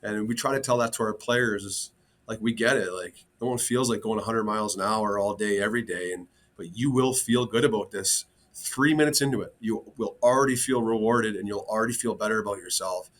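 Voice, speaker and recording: Earnest low-voiced man, hockey coach guest. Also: fairly quick, a bit bright. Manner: earnest, open, many fillers. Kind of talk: casual interview.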